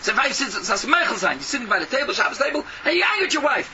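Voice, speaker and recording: A man delivers a fervent, scolding sermon full of rhetorical questions. His voice sits very high and swings widely. He is heard from a distance on a noisy recording. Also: sing-song, racing, sharp tone, lo-fi sound. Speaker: preacher. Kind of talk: impassioned sermon.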